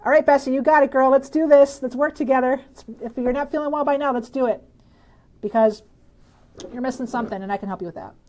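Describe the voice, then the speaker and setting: A woman's voice: high-pitched, fast talker, a little mellow. A woman from Michigan hosting a casual live stream, bubbly and chatty, reading out viewer comments and answering health questions with frequent laughs.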